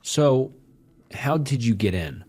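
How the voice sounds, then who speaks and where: A man's voice: medium pitch, lively intonation, slow pace, darkish tone, husky. A man narrating a first-person horror story, cold, probing and controlling in his questions. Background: faint music.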